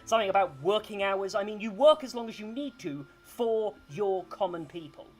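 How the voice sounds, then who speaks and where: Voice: mid-range voice, moderate pace, faint music behind, pitched above the performer's own voice, close to an everyday voice, rough recording. A game master voicing a cold, pompous male town official who justifies himself in a tabletop game. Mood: haughty. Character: stiff self-righteous male town chamberlain.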